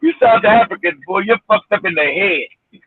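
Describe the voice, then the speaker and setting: A man calling into a livestream as a guest, talking loudly and brashly with swearing and laughter. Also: high-pitched, expressive, unhurried, slightly rough, no echo. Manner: loud, brash, laughing, profane. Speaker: call-in guest. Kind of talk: casual heated chat. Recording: tinny dry phone line.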